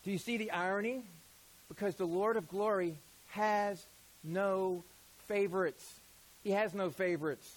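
A man preaching a sermon as a pastor, asking rhetorical questions, stretching out key words for emphasis and often dropping to a low, quiet voice mid-point. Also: steady tone, measured pace, low-quality recording.

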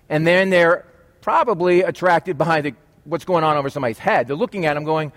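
Male pastor, conversational sermon, jokey asides, a touch high-pitched. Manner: chatty, jokey asides to the congregation.

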